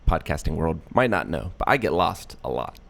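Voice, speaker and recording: Very deep, gravelly-voiced man. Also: moderate pace. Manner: relaxed, jokey, thinks aloud. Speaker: podcast host. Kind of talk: casual podcast chat.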